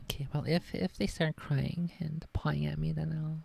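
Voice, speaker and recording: Gravelly woman streamer chatting casually. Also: deep voice, fairly even intonation, moderate pace, mellow. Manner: chatty, self-critical, swears and laughs often. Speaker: streamer reading a novel aloud. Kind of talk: casual live-stream chat and reading.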